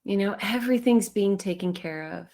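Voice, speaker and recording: A woman's voice: mid-range voice, moderate pace, dark tone. A woman hosting a spiritual livestream in a casual, reflective way, laughing easily as she talks.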